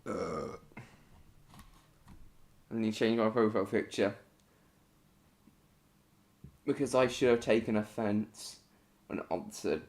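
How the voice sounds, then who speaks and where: A man's voice: lowish voice, measured pace, pauses often, darkish tone. A British man hosting a casual live stream, greeting viewers by name and answering chat comments in short, broken phrases.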